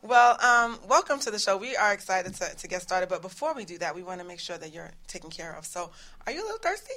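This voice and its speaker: A woman's voice: mid-range voice, big pitch swings, quick pace, sharp tone. A woman with a New York accent hosting a lifestyle radio talk show, chatting playfully and laughing often with her guests. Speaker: radio show host and coach.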